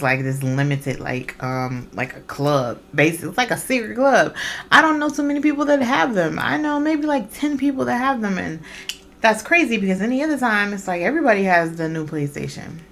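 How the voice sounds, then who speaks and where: A woman's voice: lowish voice, lively intonation, normal speed, fairly bright tone, a little hiss or hum. A woman hosting a podcast, talking in a blunt, profane, casual monologue full of incredulous questions. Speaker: podcast host.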